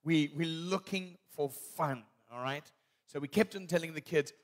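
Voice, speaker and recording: A man's voice: a little high, normal speed. Man adding context in a church talk. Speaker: pastor and father.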